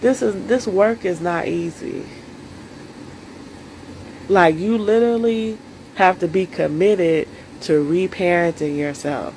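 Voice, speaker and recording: A woman's voice: lowish voice, takes it slowly, long pauses, darkish tone, a little hiss or hum, rough recording. A woman coaching viewers on self-care in a solo live stream, earnest and emotional, speaking straight to her audience.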